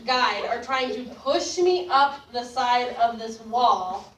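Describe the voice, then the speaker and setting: A young woman telling a personal story in a casual, animated way, laughing and getting louder as it builds. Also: fairly high pitch, slow pace. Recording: roomy distant mic with faint ambience.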